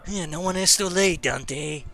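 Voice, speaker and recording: A man's voice: high-pitched, a little slow, creaky, bright, forceful tone, soft background music. A young man streaming a game, reading its dialogue aloud with stumbles and silly asides.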